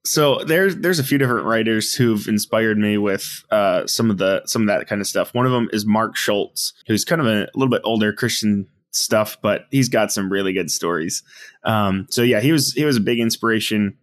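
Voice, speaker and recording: A man with a fairly low voice answers slowly, searching for his words with frequent filler sounds. He talks about songwriting in a casual discussion. The sound is dry and close. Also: no echo. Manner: hesitant, many filler sounds.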